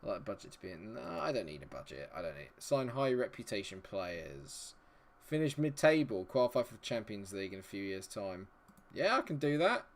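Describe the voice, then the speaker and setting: A man's voice: fairly low pitch, sing-song, fairly quick. A man live-streaming a game, chatting with his viewers and muttering to himself while he checks settings. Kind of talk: live-stream commentary talking to chat.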